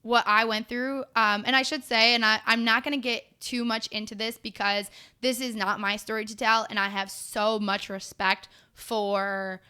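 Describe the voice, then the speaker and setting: Young woman in her twenties, podcast guest; bright, crisp voice, blunt and animated chatty delivery. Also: on the high side, moderate pace, few pauses. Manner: blunt, animated storytelling with many fillers. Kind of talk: casual chat.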